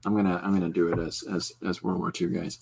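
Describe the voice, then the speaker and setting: A man hosting a podcast, chatting casually while he draws, rambling and breaking off into quick asides. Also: low voice, little pitch movement, gravelly, darkish tone, a little hiss or hum. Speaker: podcast host. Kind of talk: casual chat while drawing.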